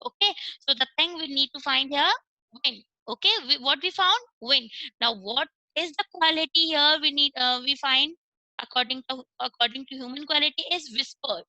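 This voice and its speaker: Indian lady teacher, online class, high voice, dry close sound, keeps saying okay and switching to hindi. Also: normal speed, sharp tone, no echo, low-quality recording. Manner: explains step by step, switching between English and Hindi, checks with "okay".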